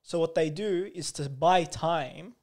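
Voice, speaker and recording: A man's voice: a little high, a little slow, darkish tone. A young man co-hosting a podcast in casual chat, teasing, swearing and laughing often. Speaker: podcast co-host.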